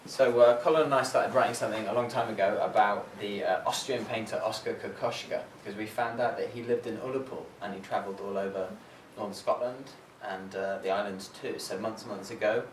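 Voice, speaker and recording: A man introducing and reading a collaborative poem at a live reading, in a measured way with hesitant fillers. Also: on the low side, fairly even intonation, slight background noise. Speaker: performing poet. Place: library reading room. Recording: echoey room, voice from far off.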